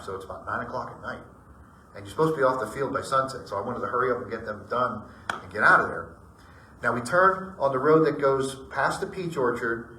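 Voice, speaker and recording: A man's voice: mid-range voice, recorded from a distance, slight background noise. Chatty man telling ghost stories. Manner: rambling, animated retelling with acted-out dialogue. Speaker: storyteller. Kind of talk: casual personal ghost story told to a group. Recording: echoey room, voice from off-mic.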